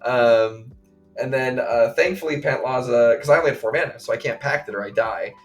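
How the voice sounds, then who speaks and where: A man co-hosting a podcast, recounting a game play by play in casual chat, full of fillers and quick acted quotes. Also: medium pitch, soft background music. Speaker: podcast co-host.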